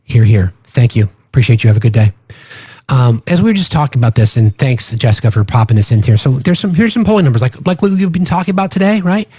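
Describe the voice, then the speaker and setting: This livestream host has a mid-range, lively voice with a dark tone and a breathy edge, and he talks fast. On a lo-fi, echo-free recording, he discusses politics earnestly, restarting often and adding "right?" asides for viewers.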